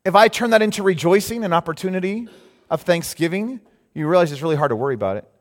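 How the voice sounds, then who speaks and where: A man preaching a sermon as pastor, lively and animated, rising into loud mock cries of alarm now and then. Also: sits high, fast talker. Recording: long hall reverb.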